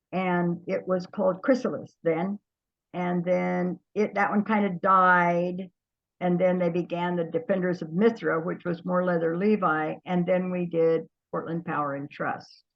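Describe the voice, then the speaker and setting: An older woman, an interview guest, telling stories from her past in a lively way, often trailing off and starting over. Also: lowish voice, muffled recording. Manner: lively storyteller, trails off and restarts. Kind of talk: storytelling reminiscence.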